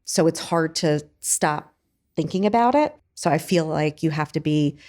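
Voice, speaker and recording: A woman's voice: low voice, expressive, moderate pace, a little mellow. A woman, a business owner talking as a guest in a casual interview, chatty and full of "like" fillers.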